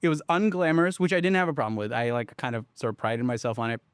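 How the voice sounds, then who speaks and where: A man's voice: medium pitch, fast talker, clean tone, dry recording. Man rambling through a story, dry sound. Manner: rambling animated storytelling with many fillers and restarts; swears casually. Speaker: startup founder. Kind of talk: casual conversation.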